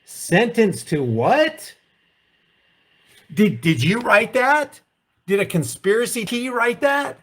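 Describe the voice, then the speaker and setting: A man's voice: sits high, lively intonation, slow pace, long pauses. A man hosting a political commentary rant, sarcastic and full of rhetorical questions. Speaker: commentary host.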